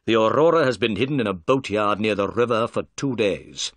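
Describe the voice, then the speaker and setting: A man voicing a confident, clever detective in a read-aloud story, brisk and commanding. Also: lowish voice, animated, no echo. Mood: explaining.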